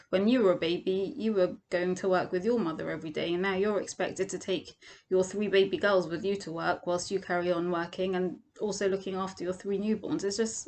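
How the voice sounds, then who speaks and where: A woman's voice: medium pitch, darkish tone. A woman teaching a Torah lesson as a vivid second-person story, acting out the quoted lines.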